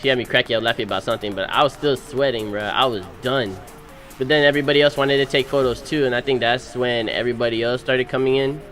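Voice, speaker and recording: A man's voice: medium pitch, soft background music. Slangy young man telling a story. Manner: animated, slangy storytelling with quick voice-acted quotes. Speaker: groom. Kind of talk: casual narration over wedding photos.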